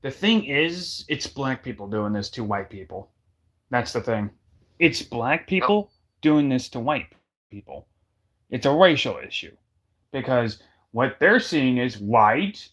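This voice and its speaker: A man's voice: mid-range voice, lively intonation, unhurried, a bit bright. A man in casual chat, emphatic and repeating his points for effect.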